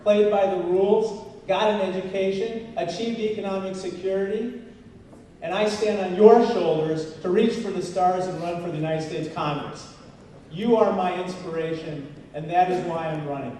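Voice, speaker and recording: A man with a high, mellow voice gives an earnest campaign speech with jokes. He is heard from far off in a large banquet hall. Long reverb and faint noise fill the room. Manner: earnest, with jokes and rising emphasis. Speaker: congressional candidate.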